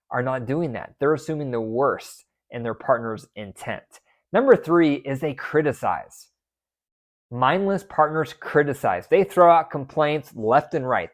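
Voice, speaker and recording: A man hosting a marriage advice podcast as a therapist, talking with emphasis and often repeating key phrases. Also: medium pitch.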